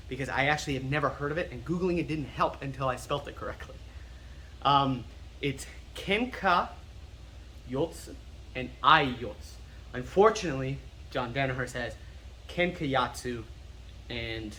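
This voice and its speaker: Pushed and bright in the mid-range, this American instructor's voice carries a little hiss or hum on the recording. A self-described nerd, he casually teaches martial arts terms, saying each slowly again and again to practice pronunciation.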